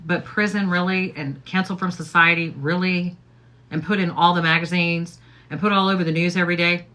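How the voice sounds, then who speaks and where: A woman's voice: lowish voice, steady tone, brisk, sharp tone. A middle-aged woman hosting a casual get-ready-with-me livestream, talking in a rambling way with lots of "okay?" and "like". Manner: chatty, rambling, repeats "okay?" and "like". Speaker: livestream host.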